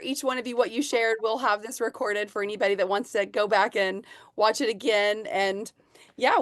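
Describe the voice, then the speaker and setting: Woman host, grateful sign-off, slightly high, dry recording. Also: no echo. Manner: warm, grateful. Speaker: host closing the call.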